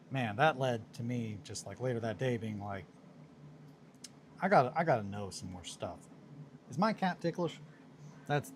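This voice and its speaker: While working on miniatures during a hobby stream, a man chats casually, rambling and amusing himself. His voice is medium-pitched, and there's noise in the background.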